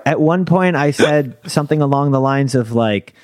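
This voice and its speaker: A man's voice: mid-range voice, normal speed, no echo, studio quality. A young man, a stand-up comedian, telling stories in casual chat and laughing through his anecdotes.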